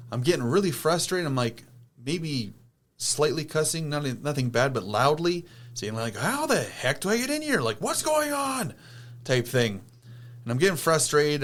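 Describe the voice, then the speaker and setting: Man, podcast host, casual storytelling, animated, mid-range voice. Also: mid-range voice. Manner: animated, acts out quoted people.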